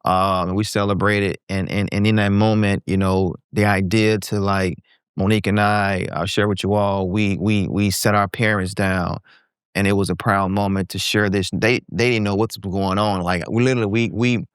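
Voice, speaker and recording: A man's voice: fairly low pitch, moderate pace, clear, resonant tone, no room sound, clean studio sound. A man in his forties speaking as a guest entrepreneur, telling a candid story in a podcast conversation and acting out the voices he quotes. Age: 40s. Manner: animated, acts out quoted voices.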